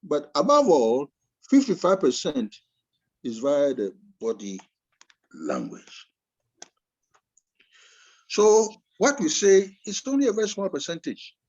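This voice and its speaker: A man teaching a master class over a video call, with a voice set fairly high for a man that rises and falls constantly as he stresses each point. He slows down and pushes hard on key words, like someone performing his lecture. The call audio sounds muffled and dull. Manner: animated, swings voice up and down for emphasis.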